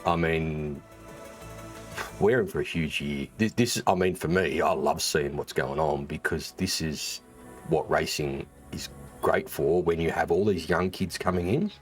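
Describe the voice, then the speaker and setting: A man's voice: rumbling low, a little slow, soft background music. An Australian man chatting casually on a livestream, rambling, swearing freely and restarting often. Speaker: streamer and former race engineer.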